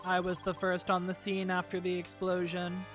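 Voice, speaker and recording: A woman voicing a stiff, terse male bomb expert who talks in a flat, clipped, robotic way. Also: lowish voice, normal speed, music in the background, natural voice.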